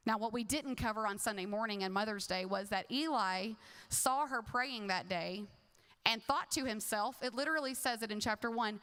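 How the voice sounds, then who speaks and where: A woman pastor preaches with a high, bright, lively voice. She talks conversationally and jokes, slipping into other voices for quotes. A long reverb from the hall trails her words. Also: moderate pace. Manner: conversational, humorous, acts out quotes. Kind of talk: sermon.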